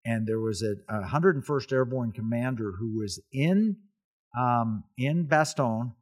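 A man's voice: medium pitch, lively intonation, unhurried, husky. A man hosting a talk show, telling a wartime story in an earnest, emphatic way with repeated phrases. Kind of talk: casual history talk.

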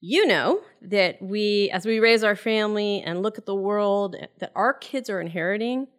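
A woman's voice: mid-range voice, moderate pace. A middle-aged woman co-hosting a radio talk show, speaking in an earnest, conversational way. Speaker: co-host. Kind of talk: casual radio chat.

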